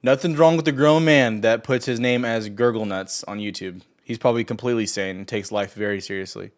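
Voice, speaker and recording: A man's voice: fairly low pitch, fairly quick. A young man hosting a trading livestream, talking casually and ranting at viewers in chat with sarcasm and profanity. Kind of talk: casual live stream chat.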